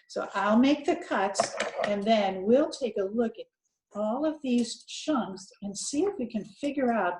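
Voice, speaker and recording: A woman teaching a children's reading lesson, talking slowly and encouragingly as she thinks aloud. Her voice is mellow and soft-edged. The sound carries some room echo. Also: on the high side, expressive.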